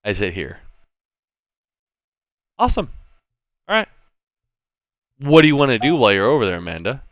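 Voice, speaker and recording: A man's voice: mid-range voice, fast talker, dry recording. A man as game master, enthusiastically explaining a tabletop game setup. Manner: animated, enthusiastic, expressive.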